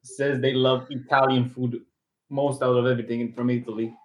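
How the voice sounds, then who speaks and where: A man's voice: medium pitch, flat delivery, normal speed, rough recording. A man co-hosting a casual podcast, joking and talkative. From Romania. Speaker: podcast co-host. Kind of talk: casual podcast chat over a call.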